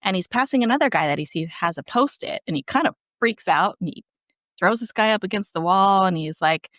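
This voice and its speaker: A woman's voice: mid-range voice, a little fast, dry recording, clean studio sound. A woman guest on a podcast, retelling episode scenes in a casual, chatty way. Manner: lively, chatty storytelling. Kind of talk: casual recap chat.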